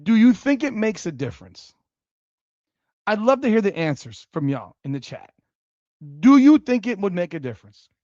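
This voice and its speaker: A man's voice: sits high, normal speed, no echo, muffled recording. A man hosting a live stream, reacting to a game with frequent exclamations and curses, repeating rhetorical questions to his chat. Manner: excitable, exclaims and curses at plays. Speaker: livestream host.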